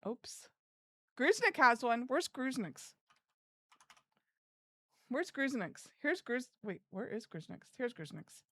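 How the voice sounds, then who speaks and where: Giggly high-voiced woman streamer. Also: big pitch swings, slow, pauses often, fairly bright tone, no room sound. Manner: giggly, chatty, talks to herself while working. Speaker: livestream streamer. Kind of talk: casual live-stream chat to viewers.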